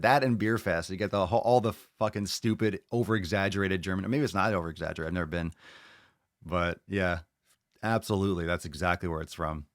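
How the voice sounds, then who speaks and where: Man, podcast host, casual rambling chat, profane, lower pitch, dry room. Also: fast, no echo.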